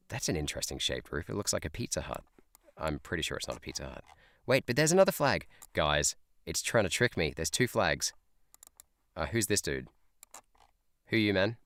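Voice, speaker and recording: A man's voice: rumbling low, creaky, sharp tone, no room sound. A man who is a teacher, streaming a guessing game live, thinking aloud in a chatty way and laughing often. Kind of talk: live gameplay chat.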